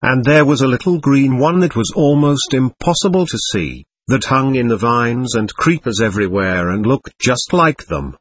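A man reading a first-person adventure memoir aloud in a steady storytelling manner. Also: medium pitch, normal speed, few pauses.

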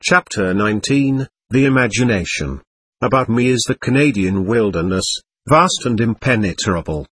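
A man narrating a book in a measured, reflective reading style. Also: fairly low pitch, lively intonation, fairly bright tone, husky. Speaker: audiobook narrator. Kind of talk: scripted narration.

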